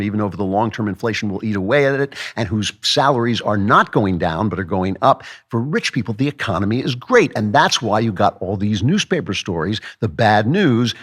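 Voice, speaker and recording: Male political host, lower register, sarcastic monologue delivery. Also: a bit bright. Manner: sarcastic, emphatic, with mocking asides. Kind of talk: opinion monologue.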